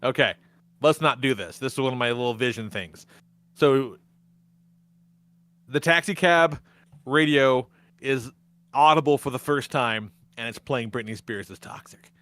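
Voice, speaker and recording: A man's voice: medium pitch, measured pace, long pauses, clear, resonant tone, no room sound. Profane, laughing podcast host man. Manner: profane, laughing, animated plot retelling. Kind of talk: casual movie review chat.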